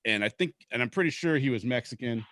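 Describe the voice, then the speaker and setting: Telling a long, meandering tale on a casual podcast, the host, a Seattle native, swears freely and keeps things laid-back. His medium-pitched voice is animated and a bit bright, the pace is quick, and there's no room sound.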